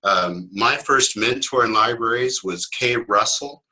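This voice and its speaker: A man's voice: mid-range voice, unhurried, pushed and bright, slightly rough, low-quality recording. A middle-aged man from Kansas, a librarian giving a casual webinar talk, rambling and self-deprecating with many fillers.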